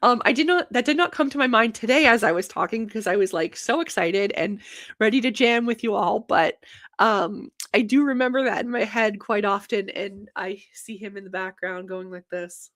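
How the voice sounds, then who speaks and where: A young woman hosting a casual livestream show, talking fast and energetically with many fillers. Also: medium pitch, a bit bright. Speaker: host of a banking livestream show.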